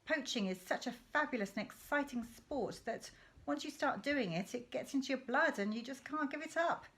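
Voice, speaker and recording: A woman's voice: high voice, normal speed, a bit bright, pitched above the performer's own voice. A woman reading aloud as a mischievous, conspiratorial middle-aged father in a storybook, with a relishing, confiding tone. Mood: fond. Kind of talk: read-aloud storybook dialogue.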